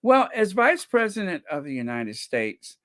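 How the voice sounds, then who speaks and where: A man's voice: high voice, sing-song, unhurried, a bit bright. A man hosting a commentary channel, talking casually to his viewers with frequent laughter and emphatic asides.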